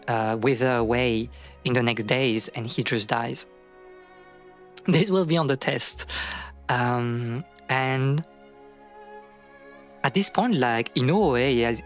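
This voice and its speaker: A streamer retelling a folk tale in a loose, rambling way, full of fillers and restarts. The voice sits at a middling pitch, with faint music behind. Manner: rambling, many fillers and restarts, acts out quotes.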